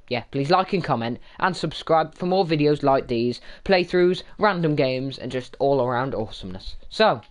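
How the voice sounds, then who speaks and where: A man commentating his gameplay with loud, excitable reactions and swearing. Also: on the high side. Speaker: gaming YouTuber. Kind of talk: let's-play commentary.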